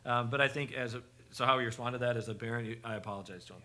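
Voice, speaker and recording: A man on a church parenting panel, telling a story with a self-deprecating, halting delivery full of restarts. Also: medium pitch, sharp tone.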